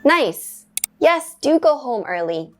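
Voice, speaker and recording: Clear-voiced woman teaching grammar. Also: medium pitch, expressive, slight background noise. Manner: clear, measured explaining with brief upbeat praise. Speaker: English teacher. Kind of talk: scripted grammar lesson.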